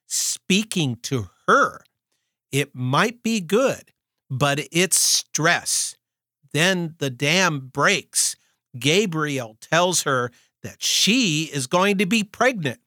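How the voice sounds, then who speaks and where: A man preaching a sermon. He reads scripture aloud in a measured way and stresses his points with rhetorical questions. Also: a little high, a bit bright, dry recording, clean studio sound.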